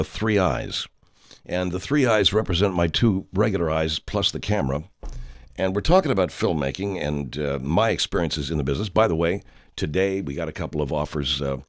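A low-voiced man delivers a rambling comic monologue, stopping and restarting his sentences as he spins deadpan tall tales. His pitch swings widely despite its depth, and the sound is close and dry with no room in it. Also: no echo. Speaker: horror filmmaker persona, show host.

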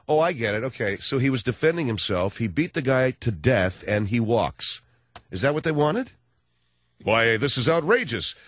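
A man's voice: mid-range voice, no room sound. A man hosting a comic talk radio show, riffing sardonically and firing rhetorical questions.

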